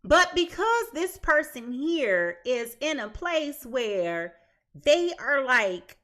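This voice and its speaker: A woman's voice: a little high, expressive, a little slow, bright, forceful tone. A woman giving a casual tarot reading to viewers, emphatic and chatty, stacking repeated phrases and restarting often. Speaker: tarot reader.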